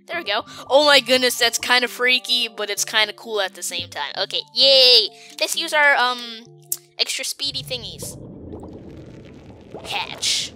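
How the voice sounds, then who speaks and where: Bright-voiced excitable woman gamer. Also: on the high side. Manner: excitable, chatty, talks to game creatures. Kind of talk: let's play gameplay commentary.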